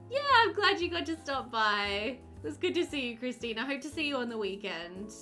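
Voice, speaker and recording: A young woman streaming a game, chatting casually with her viewers and reading their messages aloud with frequent giggles. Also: sits high. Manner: chatty, warm, giggly, reads chat aloud. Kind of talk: casual chat with live chat while gaming.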